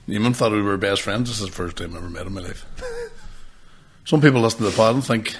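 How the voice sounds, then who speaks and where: A man's voice: on the low side, fast talker, long pauses, slight background noise. A man, co-hosting a casual podcast chat and telling sweary stories. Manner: sweary storyteller, bursts into loud impressions. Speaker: podcast co-host.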